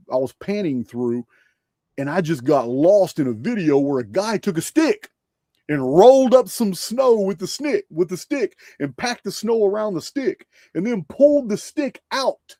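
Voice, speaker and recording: A man hosting a casual livestream chat, talking excitedly and often stumbling and repeating his words. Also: sits high, dry recording, studio quality. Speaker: livestream host.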